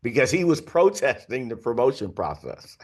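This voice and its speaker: Older male podcast guest, sixties, mid-pitched, chatty storyteller who leans on filler phrases. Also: sing-song, moderate pace, slightly rough. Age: 60s. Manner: candid, anecdotal, heavy on filler phrases. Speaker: guest author.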